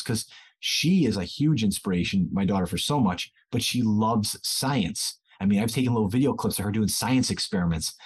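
A man's voice: lowish voice, slightly rough. A man in his thirties, a teacher and children's author, telling a story in casual conversation and acting out the voices he quotes. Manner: animated, acts out quoted voices.

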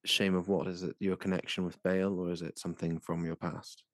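A man running a tabletop game as game master, narrating scenes in a measured, descriptive way. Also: sits low, flat delivery, no echo, studio quality.

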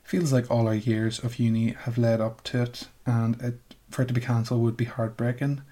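Man, 20s, podcast co-host, mid pitch, halting easygoing chat. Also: level tone, dark tone. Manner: hesitant, many ums and restarts.

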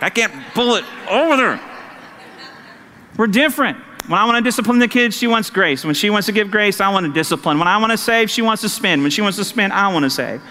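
A man preaching a sermon as pastor, animated and acting out conversations with his wife. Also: high-pitched, big-room sound.

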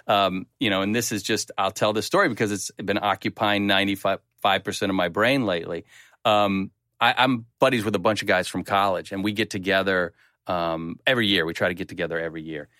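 A man's voice: deep voice, fairly even intonation, a little fast, sharp tone, no echo, clean studio sound. Man in his fifties telling rambling stories. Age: 50s. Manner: rambling, self-deprecating, with frequent restarts. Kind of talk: casual storytelling chat.

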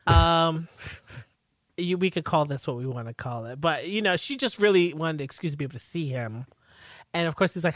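A podcast co-host in casual chat, relaxed and agreeable, retelling a TV plot with plenty of fillers. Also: medium pitch, normal speed, dry recording.

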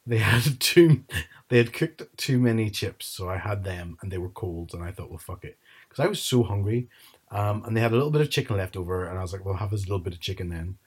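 A man's voice: fairly low pitch, animated, a little fast, slightly rough. A man, telling rambling family anecdotes in casual chat and mimicking his relatives. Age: 30s.

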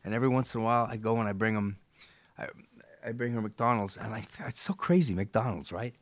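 A middle-aged man from Canada, a guest in a candid conversation, speaks in a halting, emotional way with frequent restarts. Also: fairly low pitch, dry recording.

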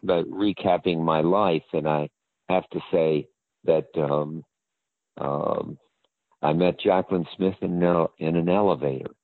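A man's voice: sits low, steady tone, a little slow, no room sound. An older man from the American South, a guest telling stories from his career in a rambling, hesitant way, with many fillers and restarts. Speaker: interview guest. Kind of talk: casual anecdotal storytelling. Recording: dry, phone-like line.

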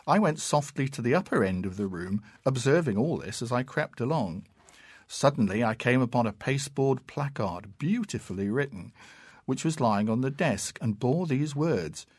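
A man reading classic fiction aloud in a measured, unhurried and expressive way. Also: medium pitch, no echo. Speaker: narrator.

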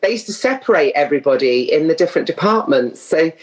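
A middle-aged woman from London, England, with an English accent, chats casually as a guest, laughing often and drifting onto tangents. Her voice is low and animated with a quick pace, and the recording is low quality.

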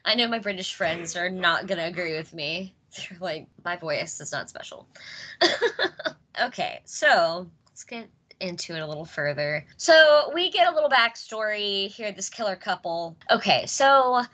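A woman's voice: mid-range voice, lively intonation, moderate pace, pushed and bright. An American woman hosting a podcast, chatting casually about a movie and laughing often. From United States. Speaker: podcast host. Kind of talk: casual chat reviewing a movie.

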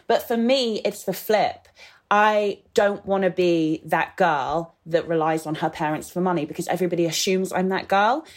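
A woman's voice: lowish voice, normal speed. A woman in her thirties from England, talking frankly and animatedly as a podcast guest, swearing casually. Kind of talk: candid podcast conversation.

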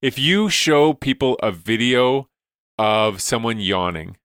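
A man's voice: medium pitch, expressive, takes it slowly, a bit bright, clear, resonant tone, dry recording, studio quality. A man, a science educator, explaining studies enthusiastically in a casual podcast chat, with lots of "like"s and restarts.

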